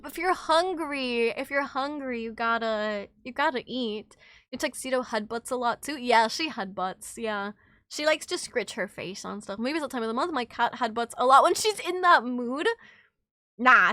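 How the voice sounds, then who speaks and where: A high, lively woman chatting on a casual livestream, her voice swooping up and down as she giggles and reacts to chat. Her tone is bright and sharp, and the sound is dry and close. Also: no room sound. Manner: excitable and giggly, swears freely, reads chat aloud.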